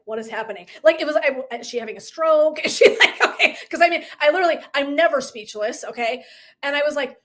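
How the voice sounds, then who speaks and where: A woman coach talks casually to her viewers and tells a personal story with plenty of laughter. She keeps an animated, expressive delivery. Her voice sits a little high for a woman. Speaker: wellness coach. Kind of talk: casual live-stream talk.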